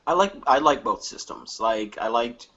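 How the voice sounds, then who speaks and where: A man's voice: medium pitch, normal speed, highs cut off. A man in a casual gaming podcast, ranting with lots of swearing and comic asides. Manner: profane, animated ranting with comic impressions. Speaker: podcast panelist.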